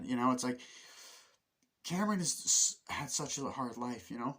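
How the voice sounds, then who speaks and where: A young man giving a casual spoken film review, rambling, swearing often and acting out scenes in quick quoted voices. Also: mid-range voice, lively intonation, bright, forceful tone. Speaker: movie reviewer.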